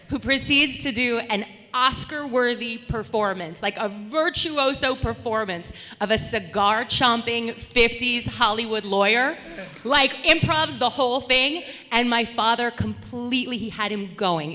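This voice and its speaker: Lady telling a funny story on stage mic, bright tone, big hall echo. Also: a little high, normal speed. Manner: animated, laughing storyteller. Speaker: voice actor panelist. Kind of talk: convention panel storytelling. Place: convention panel hall. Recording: echoey convention hall.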